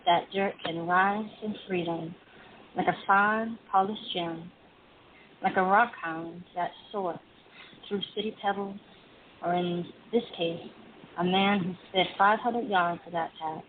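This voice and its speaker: A woman voicing an aging male prison guard, reciting a poem slowly and solemnly in his voice. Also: fairly low pitch, fairly even intonation, close to an everyday voice. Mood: somber. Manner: slow measured poetry recitation. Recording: tinny phone line, faint hiss.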